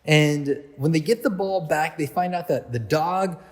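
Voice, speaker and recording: A man's voice: a little high, unhurried, a little mellow. A man speaking as a youth pastor, giving a sermon to a youth group in a chatty storytelling way, with lots of fillers. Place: church hall. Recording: long hall reverb.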